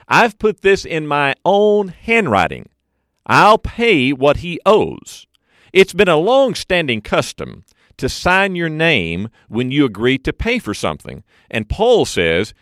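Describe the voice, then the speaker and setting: A male preacher gives a verse-by-verse sermon in a voice that swings widely between high and low. He slows to stress the key phrases. The sound is close and dry, with no room around it. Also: no echo. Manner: expository preaching with lively swings in pitch and slowed emphasis on key phrases.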